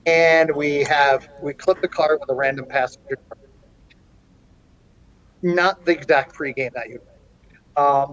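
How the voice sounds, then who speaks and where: A middle-aged man, a college hockey coach, telling an animated story in an interview, with plenty of ums and restarts. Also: mid-range voice, lo-fi sound. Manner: animated anecdote-telling with frequent fillers.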